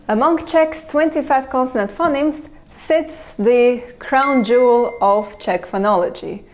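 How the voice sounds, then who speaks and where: A woman, a language channel host, giving measured, scripted explanations with touches of dry humor. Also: on the high side, darkish tone. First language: Russian. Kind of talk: scripted educational narration.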